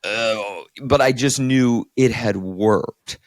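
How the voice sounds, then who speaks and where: A man in his thirties, a therapist from Northeast Ohio, co-hosts a casual podcast and candidly tells an emotional story of his own, leaning heavily on "like." His mid-range voice is unhurried, recorded in studio quality with no room sound.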